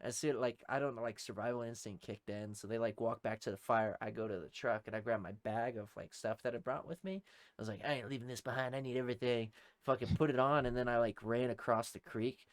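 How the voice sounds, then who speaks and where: A man's voice: medium pitch, steady tone, brisk, no echo. Swearing young man telling a story. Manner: heavy swearing, acts out shouted quotes. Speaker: podcast co-host. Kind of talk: casual storytelling.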